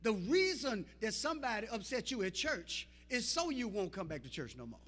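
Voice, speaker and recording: A pastor, a young adult man, preaches in a very high, bright, ringing voice. He calls out to the congregation and climbs from low, talky passages into shouted, half-sung cadences. The sound carries the long reverb of a church sanctuary. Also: sing-song, moderate pace. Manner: call-and-response preaching, rising to shouts and sung phrases. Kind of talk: preached sermon.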